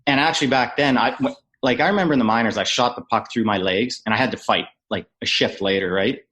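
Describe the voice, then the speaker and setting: A man in his thirties from Canada, a former hockey player chatting as a podcast guest. He tells loose, animated stories and swears casually. His voice sits at an ordinary middle pitch. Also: fast. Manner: animated storyteller, mimics yelling coaches, swears freely.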